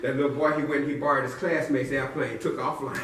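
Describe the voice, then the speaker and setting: A man's voice: mid-range voice, little pitch movement, quick pace, over a noisy crowd. A man telling a silly story to a live audience with playful call-and-response build-ups. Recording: echoey room from far off.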